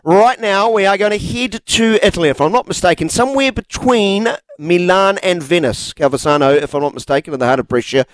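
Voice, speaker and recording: A man's voice: sits high, brisk, few pauses, dry recording, rough recording. A man hosting a sports podcast, chatty and friendly, often hedging as he asks his questions. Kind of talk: casual interview.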